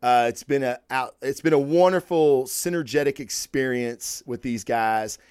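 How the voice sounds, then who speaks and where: A man hosting a podcast solo, talking casually in a rambling, excitable way, swearing constantly. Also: medium pitch, moderate pace, smooth, dry recording, studio quality. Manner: rambling, heavy profanity, excitable. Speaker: podcast host. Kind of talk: casual monologue.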